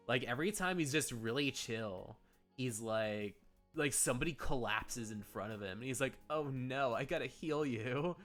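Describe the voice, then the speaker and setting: Streaming a game, a man chats casually, rambling and gushing with frequent giggles. His voice is medium in pitch with a fairly bright tone.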